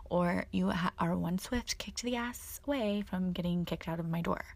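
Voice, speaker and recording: A woman's voice: on the low side, normal speed, vocal fry, few pauses. A young woman hosting a sassy, profane comedic monologue. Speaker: host.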